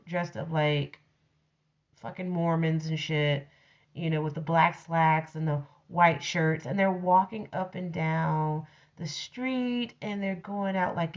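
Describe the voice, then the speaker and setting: A woman's voice: on the low side, slow, muffled recording. A woman telling a personal story in a blunt, profane, ranting way, casually addressing her audience. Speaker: storyteller host.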